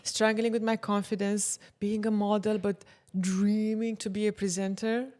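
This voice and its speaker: A woman in her thirties hosting a podcast interview, giving warm heartfelt introductions and growing excitable when she retells stories. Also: medium pitch, normal speed. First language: not English. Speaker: podcast host.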